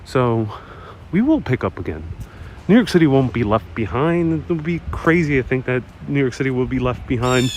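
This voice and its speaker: A man's voice: mid-range voice, animated, normal speed, a little mellow. A man hosting a live walking tour outdoors, chatting casually to viewers and reading their comments aloud. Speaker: city walk livestream host. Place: outdoors on city streets. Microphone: wireless mic while walking. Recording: outdoor street noise.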